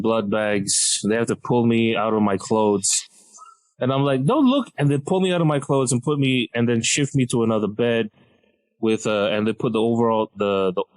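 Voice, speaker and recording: A man's voice: medium pitch, rough recording. A young man from Malaysia, a comedian telling a story on a podcast and acting out the other people in it. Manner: animated, acts out voices of doctors and nurses. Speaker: comedian guest.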